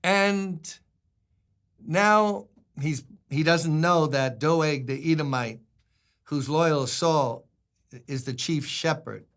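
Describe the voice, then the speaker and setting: A man's voice: on the high side, slow, fairly bright tone. An older man preaching a sermon as a pastor, conversational and humorous, acting out quotes.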